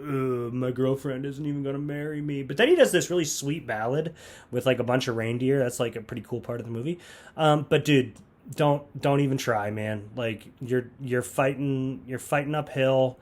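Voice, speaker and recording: A man's voice: mid-range voice, normal speed. Grumpy sarcastic man reviewing movies. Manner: sarcastic, grumpy, rambling asides. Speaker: youth ministry comedy reviewer. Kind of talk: comedic movie review monologue.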